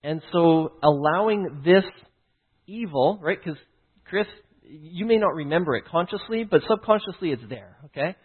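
Husky man over a tinny line. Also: fairly high pitch, lively intonation, normal speed. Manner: keeps checking in with "right?" and "okay?". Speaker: teacher. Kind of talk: explaining through a personal story.

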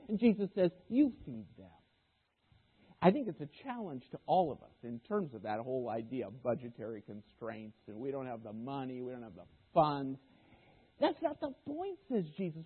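A man preaching a sermon as guest speaker, animated, sometimes voicing the disciples' objections. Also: fairly high pitch, normal speed, husky. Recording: tinny phone-like sermon recording.

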